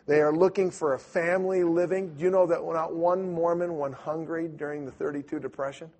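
A man's voice: a little high, fairly quick. A man preaching a sermon, telling stories conversationally with many fillers and restarts, acting out the people he quotes. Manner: animated storyteller acting out quoted voices. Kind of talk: sermon with storytelling.

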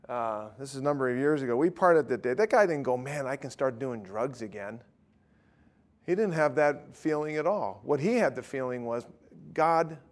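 Gravelly-voiced man preaching a story. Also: mid-range voice. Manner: conversational storytelling, acting out both sides of a dialogue. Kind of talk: sermon with retold street-evangelism story.

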